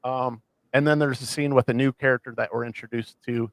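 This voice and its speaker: Rambling animated man, dry close sound. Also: mid-range voice, brisk, no echo. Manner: rambling, many restarts and fillers, animated retelling. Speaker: podcast co-host. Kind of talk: casual chat.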